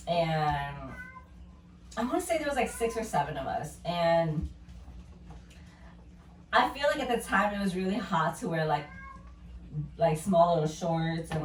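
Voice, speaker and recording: A woman's voice: fairly low pitch, a little hiss or hum. A woman in her thirties tells stories in casual chat, bluntly, with heavy swearing and constant filler words. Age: 30s. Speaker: podcast co-host. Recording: roomy echo from a distant mic with faint ambience.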